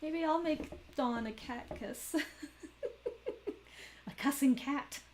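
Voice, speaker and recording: A woman's voice: high voice, drawn-out words, noisy background. A woman chatting in a rambling, giggly way during a crafting live stream. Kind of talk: casual chat while weaving.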